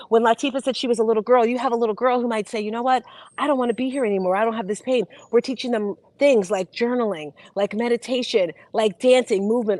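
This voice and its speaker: A woman's voice: mid-range voice, a little mellow, no room sound, rough recording. Chatty middle-aged woman host, dry sound. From New Jersey. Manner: chatty and emotional, laughs often, sidetracks then returns to the point. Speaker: host and youth program founder. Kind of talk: casual motivational talk show.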